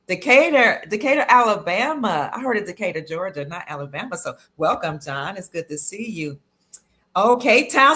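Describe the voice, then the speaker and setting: A woman's voice: lowish voice, fairly bright tone. A woman from Cleveland, Ohio, hosting a casual livestream, chatty and upbeat as she greets viewers and reads out their comments. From Cleveland, Ohio, USA. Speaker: livestream host.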